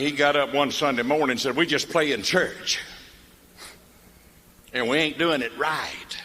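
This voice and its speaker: A man's voice: mid-range voice, pushed and bright, long reverb tail, a little hiss or hum. An older man with a Mississippi Southern accent telling comic country stories in a folksy drawl, acting out the people in them. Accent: Southern American, Mississippi. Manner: folksy drawl, acts out characters in the tales. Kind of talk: stand-up storytelling.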